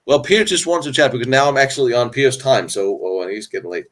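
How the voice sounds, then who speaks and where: Speaking quickly in a sing-song, medium-pitched voice, this man runs a live stream Q&A about battlefield history. He's indoors on location during his travels, candid and rambling, with sarcastic remarks and frequent restarts.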